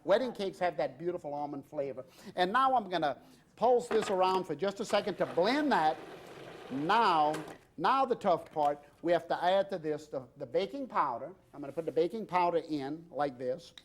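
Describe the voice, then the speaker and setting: A middle-aged man with a drawl hosts a cooking demonstration, his voice sitting notably high for a man. He banters cheerfully with guests and crew, rambling loosely between steps of the recipe. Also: lively intonation, moderate pace, a little hiss or hum. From Louisiana. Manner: jovial and chatty, jokes with guests and crew, warm banter; loose unscripted delivery with many fillers. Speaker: TV cooking show host and chef.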